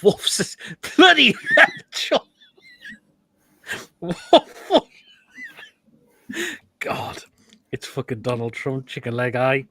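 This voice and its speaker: A man at a middle pitch, running a live football stream and judging food pictures. He talks in crude, blunt one-liners and breaks into loud outbursts now and then. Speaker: host of a live football show. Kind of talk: live-stream chat reacting to food pictures and reading comments.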